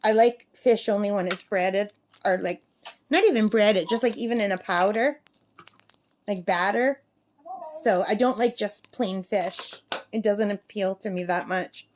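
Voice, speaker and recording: A slightly slow woman's voice of medium pitch, with a little hiss or hum behind it. She's a crafting vlogger at her summer camp alongside a talking parrot, rambling casually and reading numbers aloud as she goes about her work.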